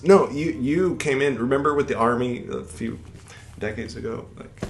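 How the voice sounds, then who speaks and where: A man's voice: medium pitch, steady tone, moderate pace. A man hosting a podcast, reading an old text aloud and breaking off into casual, irreverent, swearing asides. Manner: irreverent, swears, digressive, mock-dramatic quoting voices. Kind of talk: casual rambling reading commentary. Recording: echoey room with faint background noise.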